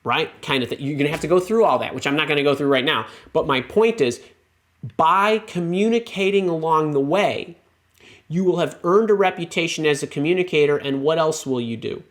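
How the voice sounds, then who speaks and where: A man coaching on job interviews, speaking in a lively, emphatic way with frequent restarts. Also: fairly high pitch, fairly quick. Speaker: career coach answering a viewer question. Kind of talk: casual advice talk.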